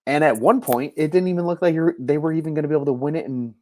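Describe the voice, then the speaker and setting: A man hosting a solo postgame baseball livestream from home late at night, talking in an animated, frustrated way with many restarts and "like"s. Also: a little high, very fast. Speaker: sports podcast host. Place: home at night, keeping quiet.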